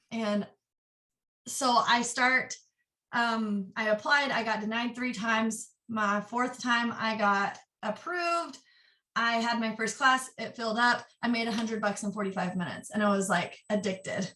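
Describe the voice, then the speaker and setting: A woman in her twenties, an interview guest, sharing a personal story candidly and earnestly, in quick bursts. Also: fairly high pitch, sharp tone. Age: 20s. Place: office. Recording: roomy echo, distant mic.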